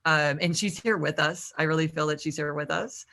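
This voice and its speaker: A woman hosting an interview, asking questions in a halting way, with many fillers. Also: sits low, fairly bright tone. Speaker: host and interviewer.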